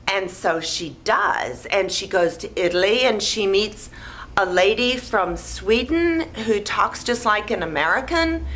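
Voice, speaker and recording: A woman retelling a movie plot in a rambling, deadpan, naive way, with lots of "like" and "you know". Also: mid-range voice, slight background noise, low-quality recording. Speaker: movie recapper.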